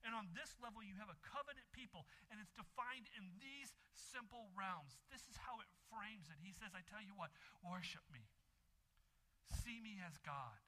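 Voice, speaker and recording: A man preaching a sermon as a pastor, emphatic, repeating phrases with dramatic pauses. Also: sits high, pushed and bright, rough recording.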